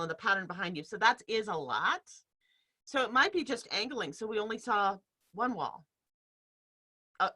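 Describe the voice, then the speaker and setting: Workshop leader, woman, bright voice, explains by demonstrating, laughs easily, heard over a video call. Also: mid-range voice. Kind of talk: teaching a live online workshop. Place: home room in front of a bed sheet.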